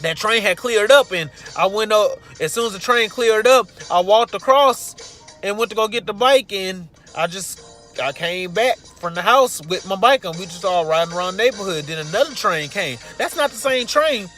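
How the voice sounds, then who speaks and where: A man's voice: sits high, moderate pace, faint music behind. A man casually telling a funny personal story and acting out the people in it. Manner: casual and animated, acting out the quotes.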